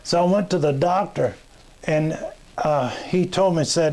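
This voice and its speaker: Man, comic storyteller, homespun and rambling, pitched a bit high. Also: a little mellow. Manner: folksy, meandering, plain-spoken with many pauses. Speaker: comedian. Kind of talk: rambling joke telling to camera. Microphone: webcam or camera in front.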